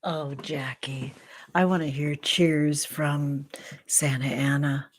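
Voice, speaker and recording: Woman, low voice, unhurried, playful, casual live chat, dry close sound. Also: steady tone, dry recording. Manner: playful, drifts into soft whispers and cheers. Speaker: tarot content creator, live stream host.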